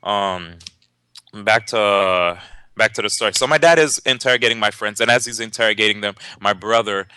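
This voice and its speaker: A young man, a tournament organizer and commentator, casually telling a story in an interview, lively and laughing, with many fillers and restarts. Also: lowish voice, moderate pace, clean tone, no room sound.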